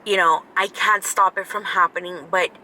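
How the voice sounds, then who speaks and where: A woman's voice: lowish voice, steady tone, normal speed, pushed and bright, a little hiss or hum, poor audio. A woman in her thirties, a vlogger telling a story casually to camera, chatty and repeating herself for emphasis.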